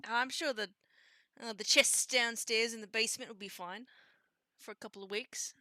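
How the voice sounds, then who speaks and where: A woman's voice: on the high side, fairly even intonation, moderate pace, sharp tone, no echo, clean studio sound. A woman player in a tabletop role-play, giggly and affectionate, often laughing between lines.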